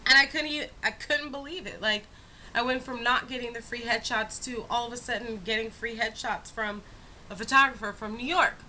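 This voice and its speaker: Bright-voiced young woman telling a story. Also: fairly high pitch, normal speed, a little hiss or hum, low-quality recording. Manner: animated, expressive retelling with rhetorical asides. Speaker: vlogger. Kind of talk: casual storytelling to camera.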